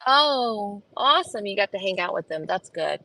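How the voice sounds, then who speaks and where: Her voice is medium in pitch, bright and forceful, with lively intonation at a normal pace, captured on a phone camera in a low-quality recording with no room sound. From her car in a school pickup line, the vlogger rambles homily to live viewers, leaning heavily on fillers.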